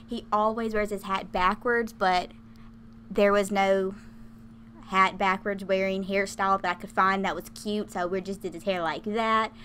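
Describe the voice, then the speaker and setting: A woman's voice: medium pitch, level tone, unhurried, a bit bright, slight background noise. A young woman casually talking through a life-sim game she plays, chatty and giggly with many fillers. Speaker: gaming channel host.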